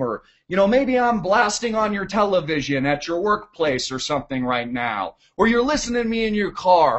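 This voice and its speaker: Man, sarcastic ranting commentary vlogger, lively pitch, lo-fi audio. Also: normal speed, few pauses. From United States. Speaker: political commentator. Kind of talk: ranting political commentary vlog. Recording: dull lo-fi audio.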